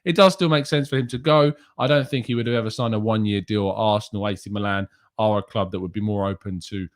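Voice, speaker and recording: A man's voice: on the low side, fairly even intonation, fast. Chatty man hosting a stream. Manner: chatty, reads out viewer names and comments. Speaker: host. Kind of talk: casual live-stream chat.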